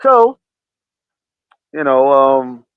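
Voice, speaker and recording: A man's voice: medium pitch, big pitch swings, very slow, smooth, no room sound. A man hosting a casual interview, talking in a laid-back way and repeating his phrases. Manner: laid-back, repeats phrases, says "you know what I'm saying". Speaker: podcast host. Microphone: remote video call. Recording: dry, tinny phone-like audio.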